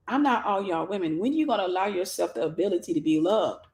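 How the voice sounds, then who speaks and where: A woman minister giving an animated teaching sermon, acting out scenes and speaking straight to her listeners. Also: on the low side, fast talker, hardly any pauses. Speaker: minister and mentor.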